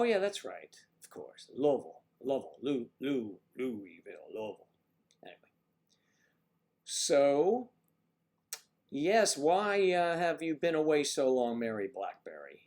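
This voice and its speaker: A man's voice: medium pitch, darkish tone. A man hosting a casual livestream, rambling playfully and greeting viewers by name. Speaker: livestream host.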